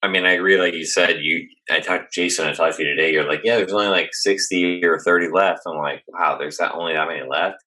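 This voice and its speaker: Very deep, bright-edged chatty man. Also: fast, hardly any pauses, rough recording. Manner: animated, quotes himself, rambling. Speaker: podcast co-host. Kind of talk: casual chat.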